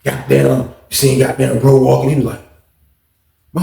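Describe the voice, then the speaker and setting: A man hosting his own channel, telling a prison story in casual, animated slang and repeating points for emphasis. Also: mid-range voice, normal speed, gravelly, long pauses. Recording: roomy echo.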